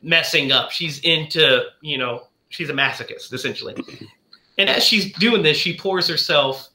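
A man's voice: fairly high pitch, normal speed, pushed and bright, reverberant. A man chatting casually on a podcast, retelling a film plot in a rambling way, full of "like" and "you know".

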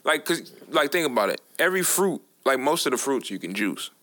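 A man's voice: mid-range voice, fairly quick. A man co-hosting a podcast, telling stories in casual, slangy, profane chat. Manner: animated storytelling, slangy and profane. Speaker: podcast co-host.

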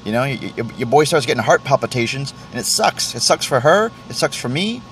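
A man's voice: mid-range voice, big pitch swings, a little fast, fairly bright tone, a little hiss or hum. A man hosting his own podcast, rambling casually and self-deprecatingly while tasting tea, cursing often and stumbling over restarts. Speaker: podcast host. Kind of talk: casual solo podcast rant.

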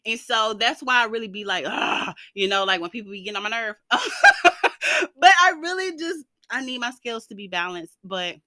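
A young woman hosting her own podcast, chatting in an animated, rambling way with playful slang. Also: on the high side, fairly quick, no echo. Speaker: podcast host. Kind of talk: casual solo podcast chat.

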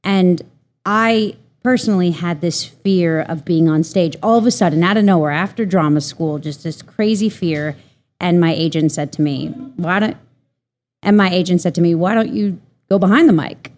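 A woman's voice: fairly low pitch, normal speed, darkish tone, faint music behind. A woman in her thirties, an audiobook narrator, answering interview questions in a chatty, easygoing way.

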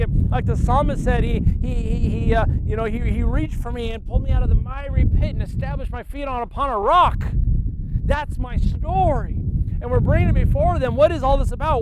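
A man's voice: very high-pitched, normal speed. A man preaching an impassioned sermon at a family camp, often repeating words as he builds up. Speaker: pastor. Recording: tinny phone-like sound with loud noise.

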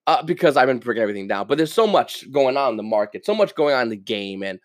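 A man's voice: mid-range voice, fast talker, no room sound, studio quality. A man hosting a casual solo podcast, ranting with energy, stumbling over repeated words and cursing now and then. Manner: animated, ranting, stammers and repeats words, swears. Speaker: podcast host.

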